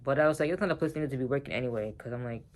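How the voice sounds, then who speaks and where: A man's voice: medium pitch, very fast. A man telling a personal story in a casual vlog, heated and profane, talking straight to the viewers.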